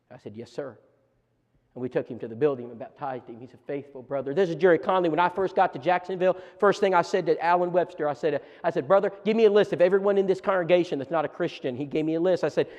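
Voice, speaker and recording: A man preacher telling lively stories at a church seminar, stumbling over restarts as he talks. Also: a little high. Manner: animated storytelling with many restarts. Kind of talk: storytelling seminar talk. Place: church auditorium. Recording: long church hall reverb.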